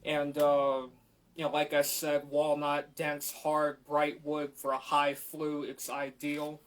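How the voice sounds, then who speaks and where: A man who plays the flute, explaining his instruments to a live audience at a community library in an unhurried way with frequent fillers. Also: on the high side, monotone. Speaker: flute player. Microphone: camera mic in the room.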